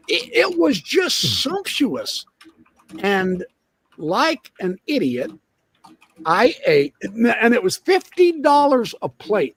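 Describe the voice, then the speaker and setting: A man in his sixties telling exaggerated stories in a casual live chat. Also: very high voice. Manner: animated, exaggerating storyteller. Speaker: guest storyteller.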